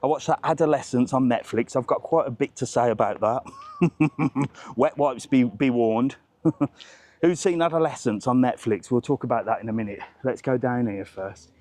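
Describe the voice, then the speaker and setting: A middle-aged man chats and rants as he strolls through an outdoor market, laughing often. His voice sits at an ordinary middle pitch and is picked up outdoors on a small clip-on mic. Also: normal speed, darkish tone. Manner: chatty and ranting, laughs often. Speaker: travel vlogger. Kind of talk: casual walking vlog chat. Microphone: clip-on mic, later removed.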